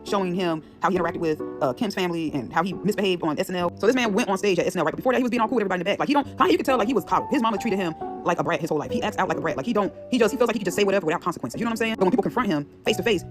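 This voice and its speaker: Podcast host, slangy, emphatic, very fast talker, casual commentary, music clearly audible behind. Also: mid-range voice.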